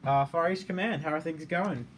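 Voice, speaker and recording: A man's voice: a little high, moderate pace. A man hosting an online strategy game, asking each player for updates, hesitant and full of fillers. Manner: hesitant, many fillers, laughs often. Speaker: game host. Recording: light background noise.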